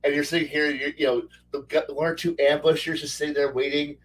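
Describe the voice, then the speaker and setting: Guy ranting and swearing in a casual chat, kinda high voice, sounds a bit far from the mic. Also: fast talker, slight background noise. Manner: rambling, profane, animated. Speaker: podcast co-host.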